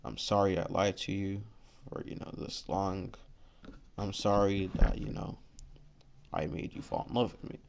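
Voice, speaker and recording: A man's voice: deep voice, flat delivery, normal speed, gravelly, long pauses, a little hiss or hum. A man voicing a young male assassin captain who talks in a hesitant, stuttering way. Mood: apologetic. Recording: lo-fi dull recording.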